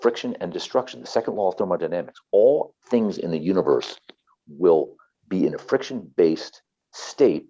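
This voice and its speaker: A man's voice: low voice, animated, normal speed, mellow, breathy edge, muffled recording. A man, a therapist and author, talking earnestly and passionately as an interview guest, often repeating himself.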